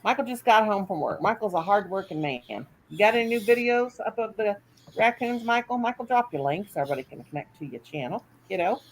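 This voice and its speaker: A woman's voice: mid-range voice, expressive, fast, a little hiss or hum, low-quality recording. An older woman hosting a casual livestream at home, chatty and folksy, reading comments aloud and laughing often. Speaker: livestream host.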